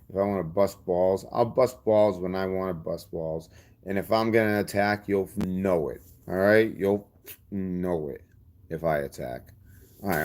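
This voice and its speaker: A man, talking straight to his subscribers in a rambling, blunt and defiant way. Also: low-pitched. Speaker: channel host. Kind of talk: casual vlog talk to subscribers.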